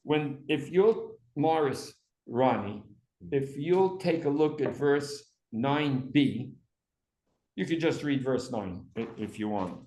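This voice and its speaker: A man leading a Bible study class, reading Hebrew aloud and acting out the text's dramatic cries with animated emphasis. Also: medium pitch, takes it slowly, roomy sound. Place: room with a small class.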